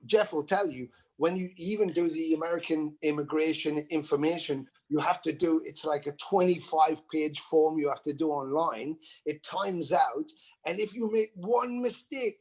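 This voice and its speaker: A middle-aged man with a husky, somewhat high voice. He tells stories in a loose, rambling way and circles back to repeat himself for emphasis. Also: darkish tone. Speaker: band member guest. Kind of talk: casual storytelling.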